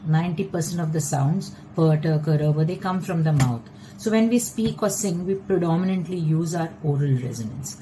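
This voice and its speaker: A woman vocal coach teaching a lesson, explaining in a measured, patient way. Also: on the low side, animated, noisy background.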